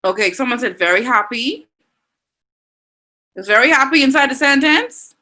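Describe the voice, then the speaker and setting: A woman teacher with a Bahamian accent, leading an online class and warmly reading out and praising students' answers. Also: high voice, animated, moderate pace, rough recording. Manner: encouraging, reads students' answers aloud with frequent praise.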